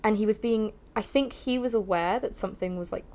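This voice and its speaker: Young woman talking candidly, lots of "like", mid-pitched voice. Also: fairly quick, a little mellow. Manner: frank, heavy use of "like", laughs while talking. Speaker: interview guest. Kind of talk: candid personal storytelling.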